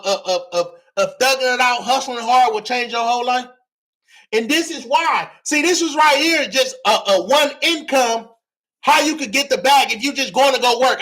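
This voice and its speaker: A man's voice: extremely high pitch, sharp tone. A man hosting a livestream, teaching money and real estate to his viewers in a hyped, preachy way, often repeating himself and using slang.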